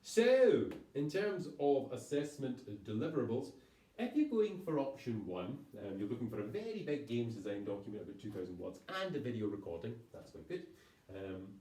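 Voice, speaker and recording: A man's voice: mid-range voice, big pitch swings, normal speed, warm tone, recorded from a distance. A man giving a recorded university lecture, rambling with self-corrections and wry asides. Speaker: university lecturer, program leader. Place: room by a town hall. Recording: echoey room, voice off-mic.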